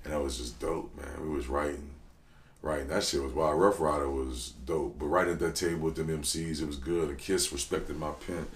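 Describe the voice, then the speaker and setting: This rapper from New Orleans has a very deep voice and guests on a podcast at normal speed, telling stories casually in an interview. He's animated and slangy, breaking into loud bursts, with roomy echo on the recording.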